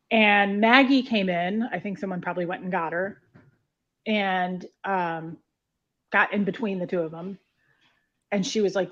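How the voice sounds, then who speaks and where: A woman's voice: mid-range voice, normal speed, dull audio. A woman bluntly telling her own story in casual talk, swearing freely and filling with "like". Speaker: guest recounting her past. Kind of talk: candid conversational storytelling.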